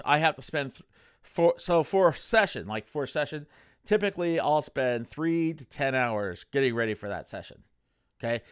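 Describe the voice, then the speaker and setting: A middle-aged man giving casual advice as a game master, rambling, repeating himself and tagging his points with a quick "okay?". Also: a little high, no room sound, clean studio sound.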